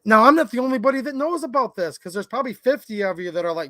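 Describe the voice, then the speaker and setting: A man's voice: very high voice, animated, fast talker, few pauses, pushed and bright, no room sound. A man from Michigan hosting a casual livestream from his workshop, chatty and opinionated, talking straight to his chat. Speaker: gun channel livestream host.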